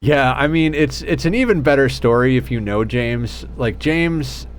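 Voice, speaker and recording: A man's voice: mid-range voice, expressive, a little slow, a little hiss or hum. A man in his thirties streaming a game, telling a rambling story with lots of laughs and fillers. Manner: rambling, laughing, acts out friends' voices. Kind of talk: casual storytelling while gaming.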